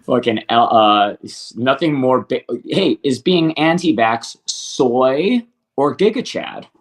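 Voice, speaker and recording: A man's voice: mid-range voice, expressive, slow. A man hosting a casual stream chat, crude and profane, joking often. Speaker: streamer host.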